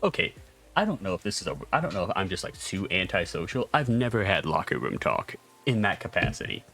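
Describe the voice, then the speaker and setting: Playful, gravelly-voiced male streamer. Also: sits low, very animated, a little fast, fairly bright tone. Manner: playful, goofy, laughs often. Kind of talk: casual game-stream commentary.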